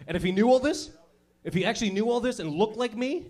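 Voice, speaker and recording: A man's voice: high-pitched, lively intonation, fast, a little mellow. A man in his thirties doing profane stand-up comedy, working the crowd and laughing at his own jokes.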